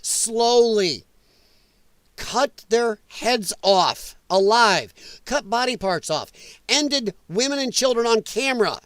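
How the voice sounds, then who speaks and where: A man's voice: extremely high pitch, animated, slow pace, a bit bright, clear, resonant tone, no room sound. A man hosting a podcast, ranting about the news in a blunt, angry, profane way. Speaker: podcast host.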